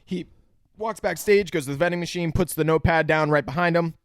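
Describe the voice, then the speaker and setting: A man talks through a film scene on a podcast, swearing as he goes and barking out the lines he quotes. His voice sits a little high and sounds close and dry. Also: brisk, smooth, no room sound. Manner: profane, loud acted-out quotes. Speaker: podcast co-host. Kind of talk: casual movie review chat.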